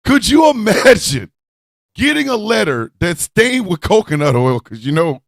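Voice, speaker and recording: Guy hosting a radio show, keeps cracking himself up, swears a lot, high voice, very dry sound. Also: big pitch swings, normal speed, gravelly, dry recording. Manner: cackling laughter, profane, rambling. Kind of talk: loose comedic rant with chat.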